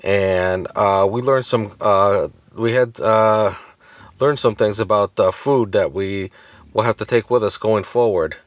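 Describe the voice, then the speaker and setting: Hesitant man, low voice, casual podcast chat. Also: a little slow, dry recording. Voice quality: hesitant, many uhs and self-corrections. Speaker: podcast co-host.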